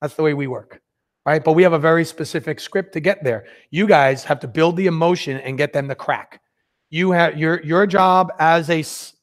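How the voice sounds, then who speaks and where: Animated male sales workshop presenter. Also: on the high side. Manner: energetic, conversational, acts out sales dialogues. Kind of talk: live workshop teaching.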